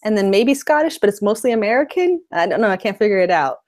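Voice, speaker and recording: A woman's voice: mid-range voice, lively intonation, fast, darkish tone. A woman co-hosting a casual TV chat, checking facts and asking the others questions. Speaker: podcast co-host.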